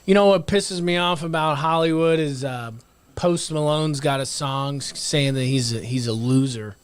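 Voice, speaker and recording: A man guesting on a podcast as a stand-up comedian, joking in a loose, profane, animated way. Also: fairly high pitch, moderate pace, clean tone. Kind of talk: casual podcast banter.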